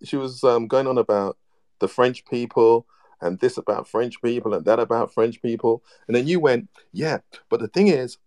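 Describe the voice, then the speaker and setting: A man joining a casual online group chat, enthusiastic but halting, with many ums and restarts. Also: medium pitch, darkish tone. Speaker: participant in a live audio chat room.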